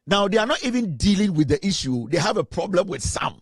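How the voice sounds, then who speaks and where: A Ghanaian man hosting a political commentary show, talking in an animated, mocking way and mixing in Twi. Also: sits high, a little fast, slightly rough, dry recording, clean studio sound. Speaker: host.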